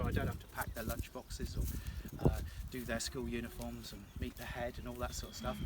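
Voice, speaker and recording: A man in his thirties giving a chatty, jokey casual tour of farm fields outdoors. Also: a little high. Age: 30s. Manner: jokey and chatty, teasing asides. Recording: distant outdoor recording with field noise.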